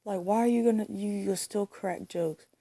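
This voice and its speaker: A woman's voice: medium pitch, moderate pace, mellow. A young woman ranting indignantly into her phone, swearing and repeating herself as she talks. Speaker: vlogger. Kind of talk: angry casual rant.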